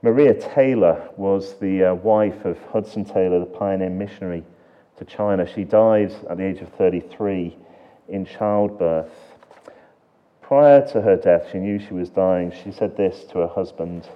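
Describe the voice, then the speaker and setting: A man preaching a sermon, earnest and full of rhetorical questions, swinging between emphatic lines and hushed ones. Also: low-pitched, a little slow, highs cut off.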